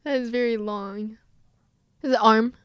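A woman's voice: on the high side, fairly even intonation, a little slow, fairly bright tone, clean tone, no echo, studio quality. A woman co-hosting a podcast in casual chat, asking questions and laughing easily. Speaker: podcast co-host.

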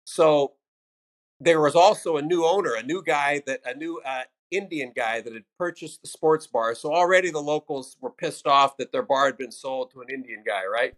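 An older man, a stand-up comic, spins casual stories from the road. His voice sits a little high for a man. He drops in profanity and punches up the voices of people he quotes. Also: moderate pace. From United States. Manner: loose, profane anecdotes with animated quoted voices. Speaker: stand-up comedian, guest. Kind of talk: casual storytelling interview.

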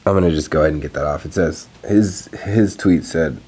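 A young man with a bass voice, slightly rough and a little fast, hosts his own video. He's ranting casually and profanely, exasperated and animated, about something online that bothered him, recording alone at home.

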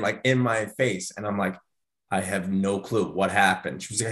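He's a podcast host in his thirties, telling a story at normal speed during casual chat. When he reaches the quotes, he acts them out, his voice leaping up and down in pitch.

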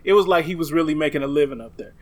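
A man's voice: on the high side, very fast, a crowd in the background. A man hosting a podcast, chatting casually and telling joking stories. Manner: joking, storytelling. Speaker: podcast host. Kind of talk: casual chat.

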